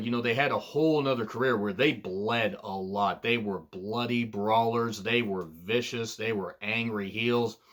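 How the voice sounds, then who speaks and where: A man's voice: medium pitch, a bit bright. A young adult man reviewing old wrestling events in blunt, profane, ranting casual commentary. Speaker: wrestling fan YouTuber.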